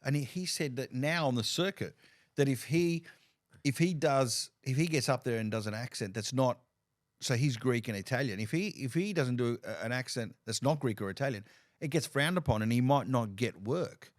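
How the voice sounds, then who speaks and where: Animated male comedian, casual chat. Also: medium pitch, moderate pace. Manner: animated storyteller, repeats and restarts while gesturing with his voice. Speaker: comedian and show host. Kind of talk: casual conversation.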